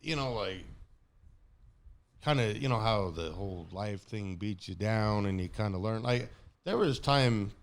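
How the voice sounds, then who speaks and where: A man's voice: on the low side, measured pace. Blunt, cursing man telling a story. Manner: blunt, swears freely, animated retelling. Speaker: podcast guest. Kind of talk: casual storytelling chat.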